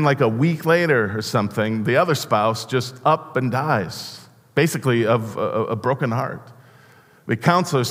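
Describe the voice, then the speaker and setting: A man preaching a sermon as pastor, earnest and halting, often restarting his words. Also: medium pitch, fairly bright tone. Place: church sanctuary. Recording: long church reverb.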